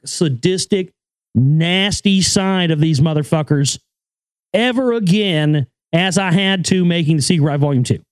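A man's voice: sits high, no echo. A man hosting a casual monologue, talking emphatically and profanely, often repeating his words. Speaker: podcast host and filmmaker.

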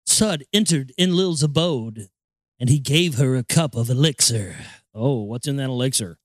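A man's voice: medium pitch, normal speed, no room sound, clean studio sound. A man who hosts a podcast, reading an ancient text aloud and ranting over it in crude, profane language. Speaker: podcast host.

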